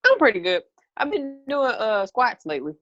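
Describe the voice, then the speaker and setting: A woman's voice: fairly high pitch, big pitch swings, moderate pace, a bit bright, muffled recording. A woman co-hosting a casual podcast chat, speaking in a blunt, laid-back banter. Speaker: podcast co-host.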